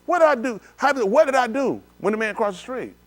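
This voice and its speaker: A man preaching a sermon, animated, swinging between low murmurs and loud exclamations. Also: quick pace. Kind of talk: sermon with live demonstration. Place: synagogue hall.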